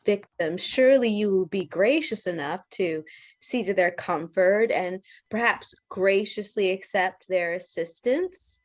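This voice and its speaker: A woman voicing a gracious young researcher who speaks in a formal, measured way. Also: medium pitch, lightly acted.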